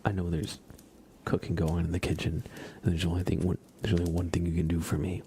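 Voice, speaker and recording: A man's voice: low-pitched, monotone, quick pace, warm tone, slight background noise. A man voicing a pushy house cat. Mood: demanding. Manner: blunt, matter-of-fact demands. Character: pushy male house cat begging for the kitchen.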